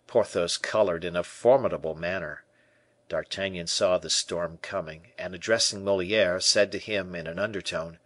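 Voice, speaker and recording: A man narrating an unabridged classic novel in an expressive, theatrical reading. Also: sits low, moderate pace, no echo. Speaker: audiobook narrator. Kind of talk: scripted narration.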